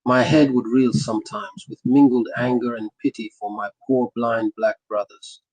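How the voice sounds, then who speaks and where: A man's voice: mid-range voice, fairly even intonation, normal speed, a little mellow, no echo, rough recording. A man narrating a memoir in the first person, breaking into impassioned sermon-style speeches with rhythmic, repeated phrases.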